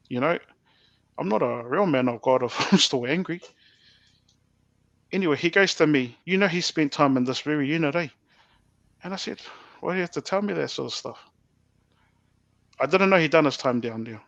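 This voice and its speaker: A man telling a personal story as a podcast guest, animated, stumbling over restarts and swearing bluntly. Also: fairly high pitch, normal speed, pauses often, no room sound. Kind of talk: personal storytelling in a casual interview. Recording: dull lo-fi, dry sound.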